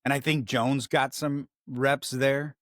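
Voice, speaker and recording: Here a man with a Chicago accent hosts a laid-back sports podcast, wandering off topic, using profanity, and breaking off his own thoughts. His medium-pitched, level voice takes things slowly, captured in a studio without echo.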